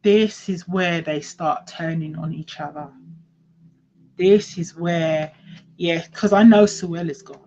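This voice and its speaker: Woman tarot reader, unhurried, repeats herself for emphasis; dull recording with faint hiss. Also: on the low side, dark tone. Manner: emphatic, repeats phrases, swears casually. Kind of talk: casual tarot reading commentary.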